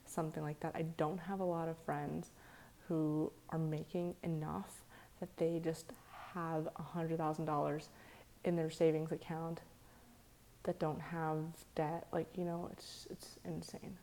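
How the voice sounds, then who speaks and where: Hushed young woman, soft and low. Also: flat delivery, a little slow. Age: young adult. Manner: talking low and soft, half whispering at times. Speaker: livestream host. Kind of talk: late-night live stream chat. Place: echoey room at night.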